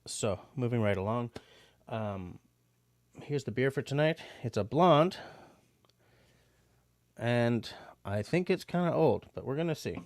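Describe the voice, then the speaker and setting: A man's voice: medium pitch, animated, moderate pace, darkish tone, no echo, studio quality. A man hosting a livestream, chatting casually and rambling with frequent filler words. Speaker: livestream host.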